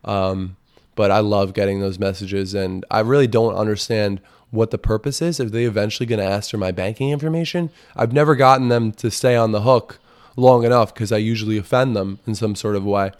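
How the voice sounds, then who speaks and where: A man's voice: on the low side, fairly even intonation, a little fast, darkish tone, smooth. A man hosting a podcast as a casual comedic monologue, rambling and profane, with crude jokes. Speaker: podcast host.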